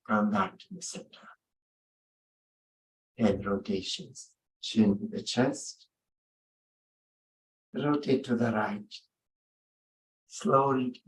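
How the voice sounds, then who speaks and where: A man leading a yoga class, giving gentle, unhurried spoken cues with long pauses between them. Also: medium pitch, recorded from a distance. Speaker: yoga instructor. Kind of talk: guided yoga instruction. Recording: roomy sound from off-mic.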